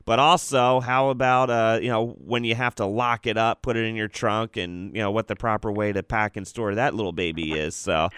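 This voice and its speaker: A man's voice: lowish voice, steady tone, normal speed, few pauses, a bit bright, clean tone, no echo, studio quality. A man hosting a talk radio show, chatting conversationally with his guest and reading out the call-in number. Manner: conversational, reads out phone numbers, sets up segments. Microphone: studio mic.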